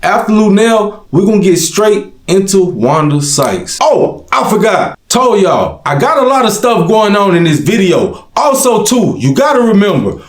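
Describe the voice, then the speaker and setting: A high, lively male voice that swoops all over as he talks to his viewers in loose slang. The commentary has the feel of a home channel. The room is roomy and echoey. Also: measured pace, hardly any pauses. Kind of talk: direct-to-camera commentary.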